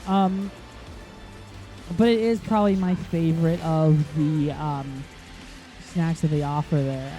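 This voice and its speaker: A man talking through a racing game in a relaxed let's-play ramble, his voice soft and mellow. He drifts from topic to topic, stacking up ums and restarts as he goes. Faint game music sits quietly underneath. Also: fairly high pitch, slow pace, long pauses. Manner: rambling, chatty, easily sidetracked, lots of ums. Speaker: gaming channel host. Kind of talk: casual let's-play commentary.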